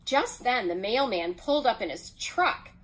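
A woman reading a children's picture book aloud as storyteller, in an expressive way. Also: a little high, slight background noise, low-quality recording. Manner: expressive, unhurried.

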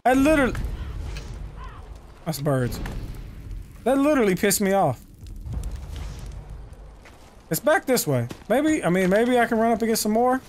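A man giving casual, profane let's-play commentary, talking to himself and to the game and breaking into loud excited yells. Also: high-pitched, normal speed, pauses often, slight background noise. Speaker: gaming channel host.

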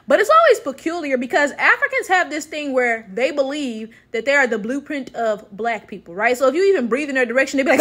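A woman's voice: high voice, expressive, fairly quick, few pauses, a bit bright, a little hiss or hum. A woman giving a sarcastic, exasperated commentary rant as a vlogger, with many rhetorical checks. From United States.

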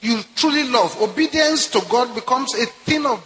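A Nigerian man preaching a sermon in short emphatic phrases, pausing for an interpreter. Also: extremely high pitch, a bit bright. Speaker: pastor. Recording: echoey hall with faint noise.

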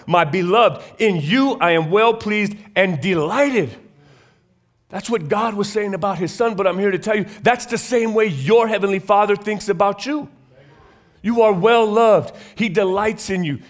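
A man preaching a sermon in a church, reading scripture and praying, rising to emphatic bursts and dropping low and slow. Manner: rises to emphatic high bursts, then drops low and slow. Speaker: pastor. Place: church sanctuary.

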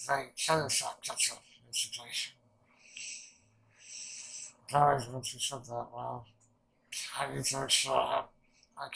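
Gravelly, excitable man reacting to anime. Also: medium pitch, poor audio. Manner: rambling, excitable, swears often, many fillers. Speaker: anime reaction channel host. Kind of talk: casual anime reaction commentary.

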